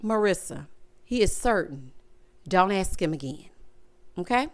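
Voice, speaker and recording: A woman's voice: lowish voice, expressive, unhurried. A woman giving emphatic, sassy commentary on a reality dating show, talking straight to the people in it and acting out their quotes. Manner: acts out quotes in shifting voices. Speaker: recap vlogger.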